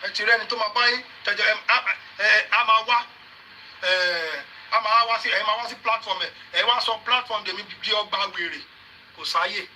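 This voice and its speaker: A man's voice: high-pitched, fast, sharp tone, slight background noise, poor audio. Confrontational Nigerian man hosting a livestream. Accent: Nigerian, mixing Yoruba and pidgin. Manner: confrontational, repeats pointed questions. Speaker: livestream host. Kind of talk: live social media commentary.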